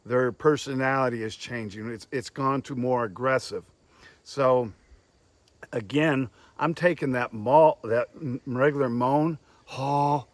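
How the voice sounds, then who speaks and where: A man giving a hands-on lesson on goose calling, speaking plainly and pausing to demonstrate calls. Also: medium pitch, dry recording. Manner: plain-spoken, demonstrates calls between explanations. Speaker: goose call instructor.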